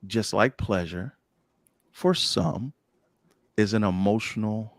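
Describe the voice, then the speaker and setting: A man telling candid stories in a casual chat, playful and bold, his voice jumping up when excited. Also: on the low side, slow pace, no room sound, clean studio sound. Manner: animated storyteller, playful and bold. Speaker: podcast guest.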